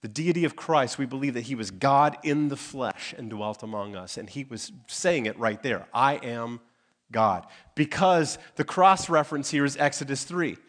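A male pastor preaching a sermon, landing on key phrases with emphatic pauses. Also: mid-range voice, fairly bright tone. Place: church sanctuary.

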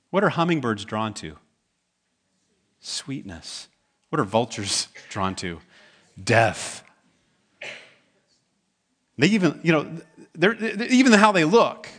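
A man's voice: on the high side, a bit bright. A man preaching a sermon as pastor, talking in a conversational way and asking the congregation questions. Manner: acts out quoted voices in the stories.

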